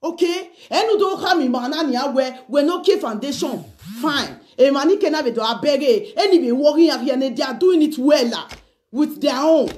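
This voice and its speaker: High-voiced Nigerian woman pleading. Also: animated, normal speed, darkish tone. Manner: pleading, switches between English and Pidgin, keeps asking "okay?". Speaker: vlogger sending a video message. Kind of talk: casual spoken appeal to the camera.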